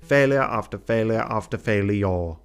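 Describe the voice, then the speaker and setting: A man's voice: fairly low pitch, moderate pace, clean tone, faint music behind, natural voice. A man voicing a scheming noblewoman who talks in a mocking, contemptuous way. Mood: scornful.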